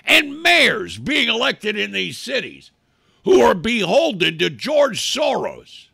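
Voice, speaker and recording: Talk show host, male, bright gravelly voice, angry profane rant, lively swings in pitch. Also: slow pace, no echo, studio quality. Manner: angry, profane, loud outbursts. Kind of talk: ranting political talk show monologue.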